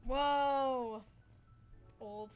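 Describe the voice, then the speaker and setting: A woman's voice: high-pitched, steady tone, extremely slow, a little mellow, clear, resonant tone, soft background music. A woman in her twenties chatting casually while playing a game on stream, rambling and giggly. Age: 20s. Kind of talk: casual gaming chat.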